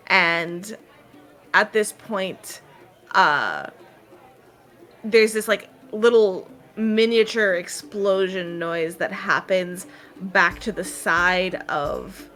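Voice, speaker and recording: A woman's voice: medium pitch, very slow, a bit bright, faint music behind, a faint crowd. A woman narrating as game master in a loose, chatty way with many fillers. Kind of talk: tabletop narration.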